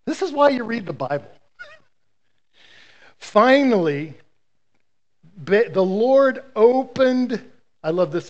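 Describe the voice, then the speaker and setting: Animated, high-voiced male pastor preaching. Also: a little slow, pauses often, lo-fi sound. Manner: animated storytelling with playful asides. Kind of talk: sermon.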